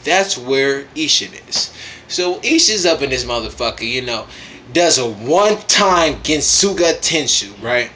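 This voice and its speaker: A man who is high and tipsy, reviewing a manga chapter in a casual, profane vlog full of slang and laughing asides. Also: expressive, a little slow, pushed and bright, slight background noise.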